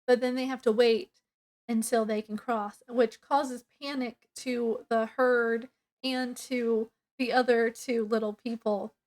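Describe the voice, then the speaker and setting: A woman's voice: on the high side, steady tone, slow, a little mellow. A woman casually reviewing a book, retelling the plot in a rambling way with lots of fillers.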